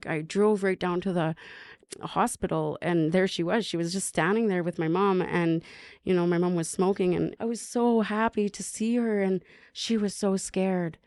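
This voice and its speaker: A woman's voice: on the low side, steady tone, moderate pace, a little mellow, no echo. A woman from Canada, a podcast guest, telling her personal recovery story in an earnest way and often tagging sentences with questions.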